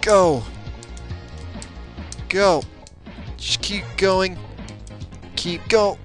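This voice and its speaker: A young man casually commenting on a platform game, excitable, muttering and swearing at it, recorded on a laptop microphone. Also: high-pitched, extremely slow, soft background music. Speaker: let's play gamer.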